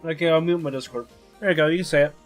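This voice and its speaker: A man on a casual stream, laid-back, chatting and giving shout-outs to another streamer. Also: a little high, very fast, faint music behind. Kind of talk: casual chat with friends.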